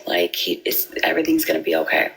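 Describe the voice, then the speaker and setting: Low, gravelly woman telling her story. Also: big pitch swings, fairly bright tone, rough recording. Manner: halting, repeats words and restarts. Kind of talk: emotional personal account.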